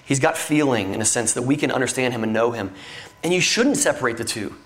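Middle-aged male pastor, conversational earnest sermon delivery, medium pitch. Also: lively intonation, quick pace. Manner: earnest, conversational preaching with fillers.

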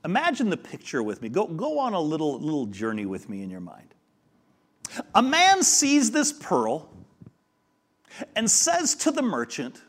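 Animated male preacher telling a story. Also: on the high side, unhurried, pauses often. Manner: animated storyteller acting out dialogue. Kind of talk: sermon with storytelling.

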